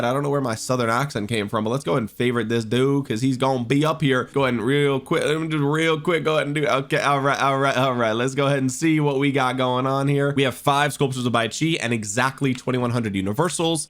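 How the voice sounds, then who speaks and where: A young man with a cold, doing excitable gameplay commentary as a video creator. He talks straight to his viewers and swings between griping and cheering. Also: mid-range voice, brisk, few pauses. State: recovering from a cold.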